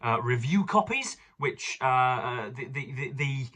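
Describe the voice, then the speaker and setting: A man's voice: medium pitch, lively intonation, a little slow, sharp tone. A young man from England rambling through a casual book vlog, digressive and fond of elaborate words. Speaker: book reviewer.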